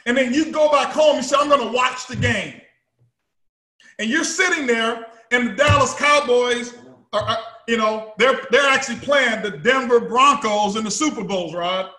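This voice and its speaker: High-pitched man giving a fired-up pep talk. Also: normal speed, reverberant. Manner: emphatic, repetitive, bursts into shouting. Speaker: company founder speaking to his team. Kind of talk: motivational speech to a live audience.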